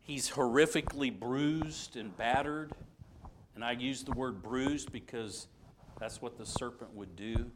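A man's voice: mid-range voice, a little slow, noisy background. Man teaching a dramatic Bible lesson. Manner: dramatic retelling with sudden loud and hushed passages; conversational, with restarts and asides.

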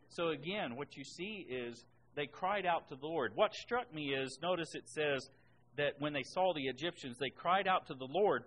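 A man preaching a sermon and reading scripture aloud, rising sharply in pitch and volume on the words he stresses. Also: expressive, unhurried, fairly bright tone, rough recording. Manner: emphatic, rises in pitch and volume on key words.

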